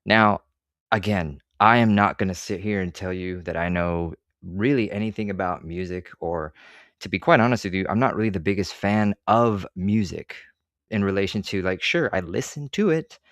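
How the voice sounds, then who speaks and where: A man's voice: deep voice, normal speed, fairly bright tone, no echo. A man ranting to camera as an online commentator, swearing freely and sarcastic, with rambling asides. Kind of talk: profane opinion rant to camera.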